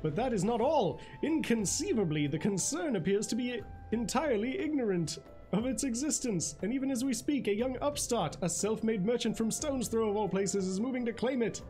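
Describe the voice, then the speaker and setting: A man's voice: extremely high pitch, expressive, normal speed, warm tone, soft background music, voice pushed up. A man reading aloud the lines of a genteel, well-spoken male informant in a game, in a florid, formal way. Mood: courtly.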